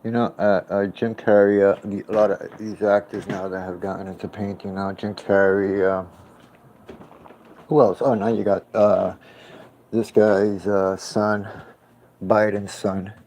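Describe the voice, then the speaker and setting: A man's voice: lowish voice, little pitch movement, a little slow, a little mellow, rough recording. A man who paints, ranting in casual, profane, scornful commentary while reacting to clips.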